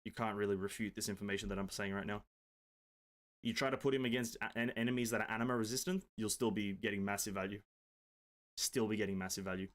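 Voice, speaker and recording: A man's voice: lowish voice, fairly bright tone. A man streaming games from his home desk, chatting casually, answering viewers and joking around with the odd swear word. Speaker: gaming streamer. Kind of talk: casual live-stream chat.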